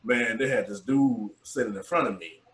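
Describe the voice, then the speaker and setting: A man co-hosting a casual podcast, telling profane boot camp stories and loudly acting out the voices of the people in them. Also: medium pitch, moderate pace. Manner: profane, animated, acts out quotes loudly. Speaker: podcast co-host, navy veteran. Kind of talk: casual storytelling chat. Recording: echoey room.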